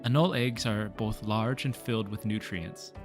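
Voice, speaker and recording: A man's voice: on the low side, normal speed, lightly acted. Formal game quest giver, read aloud by a man gamer, plain voice, light music underneath. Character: grateful game quest giver reciting thanks.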